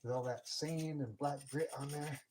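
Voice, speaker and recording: Excitable man, casual live streamer, light noise behind. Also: on the high side, moderate pace. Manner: excitable, whoops and laughs often. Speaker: live streamer casting metal.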